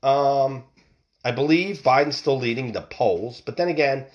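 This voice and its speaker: A man's voice: medium pitch, unhurried. A man hosting a podcast, talking casually and off the cuff, rambling and swearing freely. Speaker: podcast host. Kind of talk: casual solo political talk. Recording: dull lo-fi recording.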